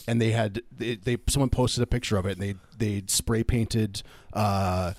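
A man co-hosting a podcast, joking in a deadpan casual way and trailing off mid-sentence. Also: mid-range voice, a little fast, hardly any pauses, no echo. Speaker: podcast co-host. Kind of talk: casual comedic chat.

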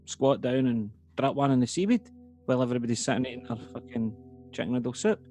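A man's voice: medium pitch, fast, dark tone, faint music behind. A man, co-hosting a podcast, firing off sweary, incredulous questions. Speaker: podcast co-host. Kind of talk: casual banter.

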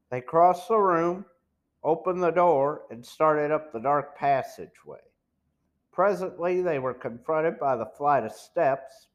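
A man's voice: fairly high pitch, unhurried, dull audio. A man reading a novel aloud as an amateur audiobook narrator, careful with small stumbles. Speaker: audiobook reader.

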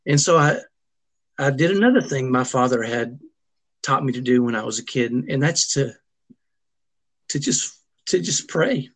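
A man's voice: mid-range voice, expressive, fairly bright tone. A middle-aged man telling a personal family story as an interview guest, earnest and emotional, often restarting his sentences. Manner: earnest, halting, with frequent restarts.

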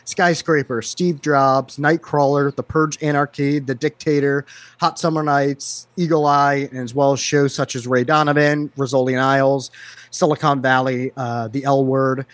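A man's voice: medium pitch, steady tone, normal speed, dry recording. A man co-hosting a movie podcast, chatty and laughing in casual chat, sharing trivia. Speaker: podcast co-host.

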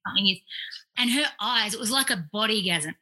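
A woman, a clinical psychologist, telling stories in a casual, animated way, full of fillers and quoted asides. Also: mid-range voice, a little fast, low-quality recording. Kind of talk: casual storytelling in conversation.

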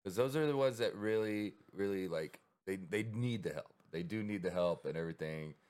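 This man co-hosts a podcast, his low-pitched, somewhat dark voice moving at an ordinary pace. The conversation is casual and meandering, packed with profanity and performed quotations.

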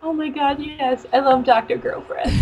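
A woman co-hosting a casual podcast chat, trading quick banter and laughing often. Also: high-pitched, fairly even intonation, darkish tone, slight background noise, rough recording.

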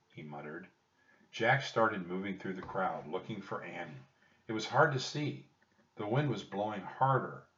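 A man reading a children's chapter book aloud with expressive storytelling. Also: lowish voice. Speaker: audiobook reader. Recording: distant roomy dull home recording.

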